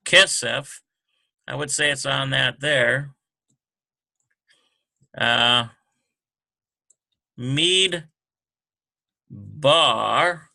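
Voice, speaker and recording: A man teaching a relaxed language lesson, working through words slowly and thinking aloud with many fillers. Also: mid-range voice, vocal fry. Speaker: Hebrew teacher.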